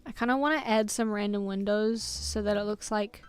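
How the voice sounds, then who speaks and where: A woman's voice: mid-range voice, steady tone, normal speed, smooth, no echo, faint music behind. Chatty New woman, rambling art stream. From New Zealand. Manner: rambling, self-mocking, laughs between thoughts. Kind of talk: casual chat while drawing on stream.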